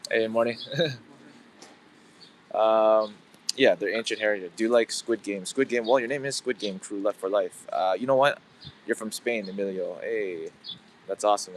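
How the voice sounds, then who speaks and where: Man, 30s, live-stream host, outdoors, phone mic, casual rambling chat, faint traffic behind. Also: lowish voice. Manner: rambling, filler-heavy, chatting with viewers. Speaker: livestream host. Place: outdoors, about to head into work.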